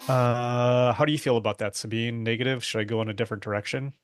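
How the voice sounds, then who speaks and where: A man playing a tabletop crime game, who pitches ideas tentatively with many fillers. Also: fairly even intonation, quick pace, no echo, faint music behind. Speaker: player. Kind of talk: tabletop role-play chat.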